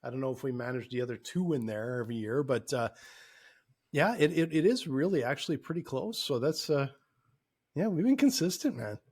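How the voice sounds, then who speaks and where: A man's voice: medium pitch, lively intonation, a little fast, darkish tone, breathy edge. Easygoing, rambling male podcast co-host. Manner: easygoing, rambling, repeats words. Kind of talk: casual podcast chat.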